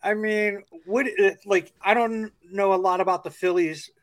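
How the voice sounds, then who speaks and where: A man's voice: sits high, fairly even intonation, moderate pace, fairly bright tone. A man hosting a sports podcast, chatting casually and asking questions with lots of fillers and restarts. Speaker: podcast host.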